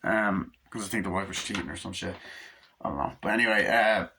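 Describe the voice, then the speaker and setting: A man's voice: deep voice, fairly quick, pushed and bright, a little hiss or hum. A man giving a casual, rambling film review, full of fillers and swearing. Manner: rambling, swears often, lots of "like" and "um". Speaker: movie reviewer.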